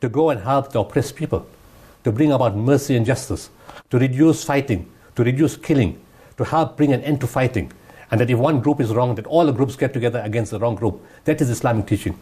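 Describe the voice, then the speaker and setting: A man's voice: medium pitch, a little fast, dark tone, breathy edge. A man giving impassioned interview answers, emphatic and repeating his points. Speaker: guest humanitarian speaker.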